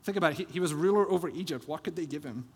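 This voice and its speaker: A man preaching a sermon as pastor, telling a Bible story with lively acted-out quotes. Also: fairly high pitch, rapid-fire, husky. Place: church sanctuary. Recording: long church hall reverb.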